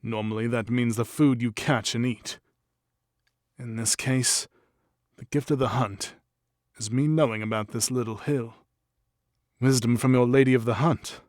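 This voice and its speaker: A man's voice: mid-range voice, steady tone, unhurried, long pauses, darkish tone, dry recording, close to an everyday voice. A man reading aloud and voicing a hardened male elf hunter who speaks in a dry, teasing way. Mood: wry.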